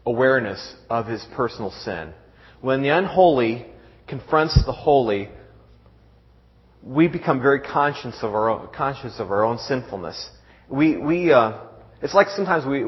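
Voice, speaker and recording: A middle-aged man preaching a sermon in a halting way, repeating words and reading scripture aloud. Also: mid-range voice. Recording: dull sound with long hall reverb.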